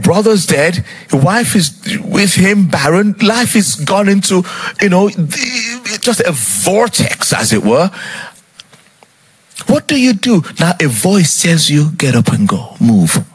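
A man's voice: high-pitched, very animated, takes it slowly, slightly rough. A man preaching a sermon, retelling a scripture story dramatically and putting rhetorical questions to his listeners.

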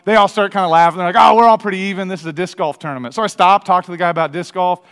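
A man's voice: high-pitched, racing, a bit bright, smooth. A man from the American Midwest preaching a sermon in a conversational way, telling personal stories with many restarts and acted-out quotes. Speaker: pastor. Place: church sanctuary. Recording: long reverb of a large hall.

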